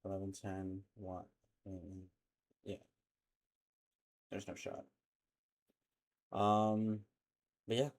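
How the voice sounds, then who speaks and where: Rambling young reaction-video host. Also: male voice, low-pitched, little pitch movement, slow, pauses often. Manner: rambling, hesitant, lots of fillers and slang. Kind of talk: casual reaction commentary.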